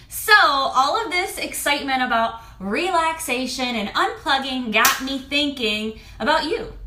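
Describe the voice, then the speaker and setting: A woman's voice: high voice, expressive, unhurried, few pauses, pushed and bright, reverberant, a little hiss or hum. A woman in her thirties, a fertility and lifestyle coach, talking candidly and expressively to camera and swearing now and then. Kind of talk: casual talk to camera.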